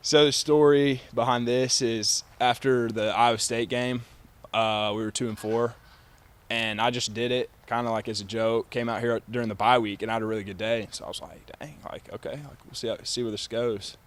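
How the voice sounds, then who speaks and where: A young man in his twenties with a thick West Texas country accent answers an interview question. He speaks softly and easily, with a relaxed, unhurried manner. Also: medium pitch. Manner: soft-spoken and easygoing. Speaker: college quarterback.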